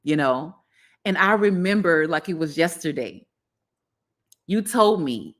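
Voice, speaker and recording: A woman with a Southern US accent hosting a casual gardening livestream, warm and effusive, repeating her thanks. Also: low voice, animated, unhurried, pauses often. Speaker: gardening channel host.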